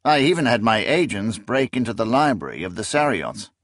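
A man's voice: fairly low pitch, sing-song, a little fast, fairly bright tone, no room sound, studio quality, exaggerated voice. A man voicing a refined, learned aristocratic officer who speaks in a polished, lecturing way. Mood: musing, superior.

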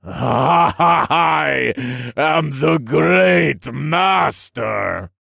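A man voicing an insane, menacing chained sorcerer in a low, grisly voice, drawing words out slowly and then bursting into shouts. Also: lively intonation, creaky, husky, no room sound, studio quality, exaggerated voice. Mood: grandiose. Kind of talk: audiobook character voice.

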